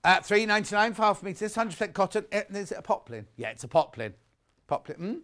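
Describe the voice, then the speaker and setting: This presenter's voice is high, quick and very animated, with a slightly bright edge. He's a middle-aged Brit on live shopping TV, gossiping chattily between items and viewer messages and drifting into rambling tangents as he sells.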